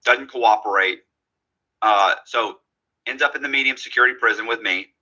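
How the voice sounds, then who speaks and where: A man's voice: mid-range voice, moderate pace, rough recording. A man telling a long story in a casual way, acting out the lines of the people in it. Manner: animated, acts out quoted dialogue.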